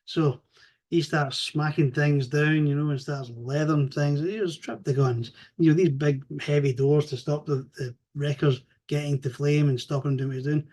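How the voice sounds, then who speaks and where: A man with a slightly raised voice talks through a comic storyline in a loose, rambling way. He is animated and swears freely, and he keeps slipping into the characters' lines as he goes. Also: a little high, normal speed. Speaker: comics reviewer. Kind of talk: casual comic recap.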